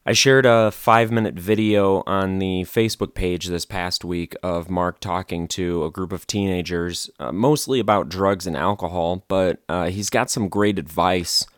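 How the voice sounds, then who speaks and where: Deep-voiced man introducing a clip. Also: no room sound, clean studio sound. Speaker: host. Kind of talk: casual introduction.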